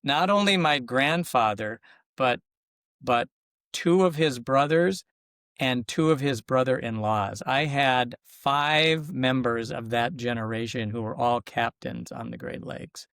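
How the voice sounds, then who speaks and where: Older Minnesotan man, reflective storyteller, mid pitch, dry sound. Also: fairly bright tone, clear, resonant tone, no echo. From Minnesota, USA. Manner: reflective, storytelling, thinks aloud with restarts. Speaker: guest, local government consultant. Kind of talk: casual podcast interview.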